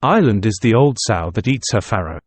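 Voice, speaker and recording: A man's voice: fairly low pitch, animated, fairly quick, slightly rough, no room sound. A man voicing a proud, aloof young male student who speaks in a cutting, intense way, in an audiobook reading. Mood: cold.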